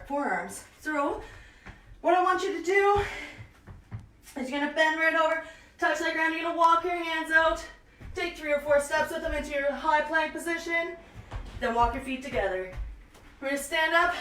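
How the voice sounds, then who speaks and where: A young woman with a high, bright-pitched voice coaches a home workout while out of breath, counting reps with upbeat energy. She stands back from the camera in a small, echoey room. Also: a little fast. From Canada. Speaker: fitness instructor. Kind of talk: live online workout class. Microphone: camera at a distance. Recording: echoey room, voice far from mic.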